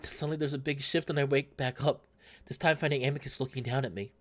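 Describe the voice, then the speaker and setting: A man reading a visual novel aloud in steady first-person narration. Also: medium pitch, fast talker. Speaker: let's play narrator.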